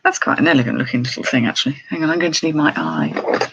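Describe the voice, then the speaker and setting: A very animated middle-aged woman with a bass, husky voice talks fast while unboxing on her live haul stream as a jewellery reseller. Chatty and prone to exclaiming, she thinks aloud to viewers, and the recording's highs are cut off.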